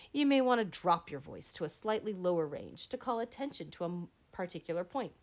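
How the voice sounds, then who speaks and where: A woman instructor reading a textbook lesson aloud, with frequent slips and self-corrections. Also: medium pitch. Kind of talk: lecture read aloud.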